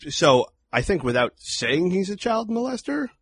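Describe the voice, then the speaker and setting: A man's voice: high-pitched, sing-song, moderate pace, a bit bright, breathy edge, dry recording. A man co-hosting a podcast, chatting casually about a horror film, blunt and swearing freely. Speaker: podcast co-host. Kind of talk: casual film review chat.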